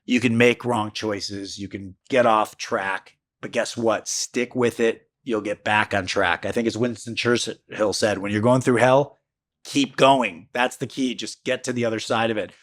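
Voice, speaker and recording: A man's voice: fairly even intonation, measured pace, fairly bright tone. Emphatic man in his fifties, storytelling. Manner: emphatic storyteller with sudden pitch jumps. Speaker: podcast host. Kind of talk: reflective motivational monologue.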